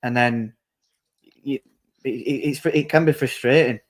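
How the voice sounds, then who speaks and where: A man co-hosts a football watchalong in a loose, rambling way, full of anecdotes. His voice sits at an ordinary middle pitch. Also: a little slow. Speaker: watchalong co-host. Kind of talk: casual football chat.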